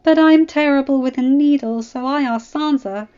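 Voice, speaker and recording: A woman voicing an earnest young noble girl who speaks in a hurried, excited way. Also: sits high, muffled recording, voice pushed up, close to an everyday voice.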